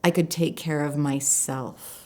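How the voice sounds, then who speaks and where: A woman with a low-pitched voice shares a personal story straight to camera. She speaks earnestly and reflectively, slowing down on the points she wants to stress. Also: fairly even intonation, mellow. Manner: reflective, earnest, slows down for emphasis. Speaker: life coach.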